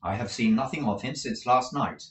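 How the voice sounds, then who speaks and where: Guy doing a defiant young teacher, calm but firm, roomy sound. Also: mid-range voice, normal speed, natural voice. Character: indignant young male assistant teacher.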